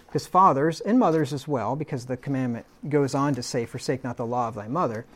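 A man preaching a verse-by-verse sermon, working through word definitions in a deliberate way and often asking "right?". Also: mid-range voice. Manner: deliberate, lists synonyms, asks "right?".

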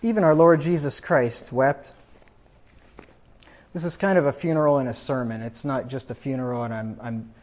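A man's voice: mid-range voice, darkish tone, highs cut off. A man preaching a funeral sermon, reading scripture aloud with rising emphasis.

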